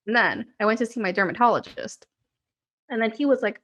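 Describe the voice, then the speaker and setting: A woman's voice: a little high, very animated, fast, a bit bright. A woman in her twenties, co-hosting a podcast, telling rambling stories in casual chat with frequent "like". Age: 20s. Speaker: podcast co-host.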